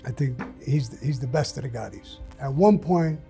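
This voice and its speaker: Older man, interview guest, blunt profane storyteller, dark mellow tone. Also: medium pitch, moderate pace, gravelly, soft background music.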